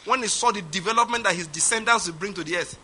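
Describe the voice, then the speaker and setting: A man's voice: high-pitched, quick pace, pushed and bright, breathy edge. A man preaching an emphatic sermon, repeating his points. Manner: emphatic, repetitive, laughs at his own points. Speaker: pastor.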